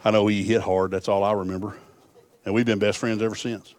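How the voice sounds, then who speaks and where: Folksy preacher, dry sound. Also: male voice, fairly low pitch, little pitch movement, fairly quick, darkish tone, no room sound. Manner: folksy storytelling, swelling to fervent appeals. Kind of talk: sermon.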